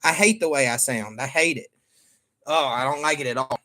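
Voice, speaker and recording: A man's voice: medium pitch, normal speed, sharp tone. A man with a Southern American accent chatting casually to viewers as a father and streamer, joking and trailing off with ums. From Michigan. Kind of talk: casual rambling chat to viewers.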